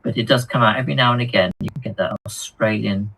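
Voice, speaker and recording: A man co-hosting a hobby live stream, reading viewer comments aloud in a halting, chatty way with lots of ums and repeated words. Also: fairly low pitch, steady tone, creaky, pushed and bright, breathy edge, rough recording. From United Kingdom.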